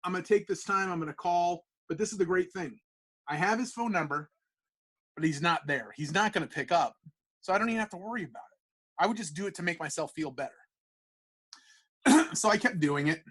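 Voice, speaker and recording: A man, a comic book artist and podcast guest, telling a casual anecdote in an animated, profane, rambling way full of fillers. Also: a little high, a little fast, pauses often, husky.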